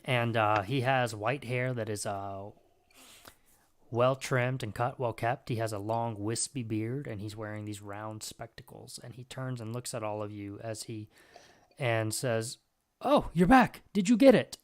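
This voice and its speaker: Man, game master, low voice, laid-back descriptive narration. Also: measured pace, clean tone. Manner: relaxed, rambling description with fillers.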